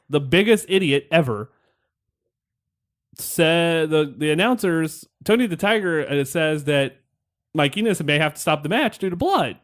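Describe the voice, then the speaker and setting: A man hosting a podcast, rambling through a wrestling match recap in casual chat, wry and laughing, with the odd swear. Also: on the high side. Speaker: podcast host.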